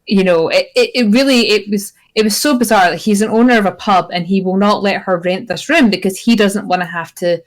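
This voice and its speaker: A woman co-hosting a podcast, explaining points quickly with frequent restarts. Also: medium pitch. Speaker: podcast co-host. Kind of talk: casual chat, film review.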